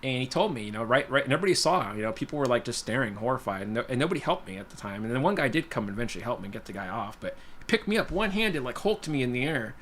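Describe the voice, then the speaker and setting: Fast-talking man rambling through a story. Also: medium pitch, sing-song, fairly bright tone, a little hiss or hum. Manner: rambling, full of "you know" and "like"; blunt, plainspoken. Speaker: guitar livestream host. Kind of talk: casual personal storytelling.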